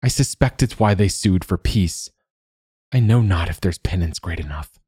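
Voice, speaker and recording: A man's voice: deep voice, animated, moderate pace, mellow, breathy edge, no room sound, heavily acted. Stern weary warrior woman played by a man, dry close voice, commanding, audiobook. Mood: bitter. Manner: curt, commanding.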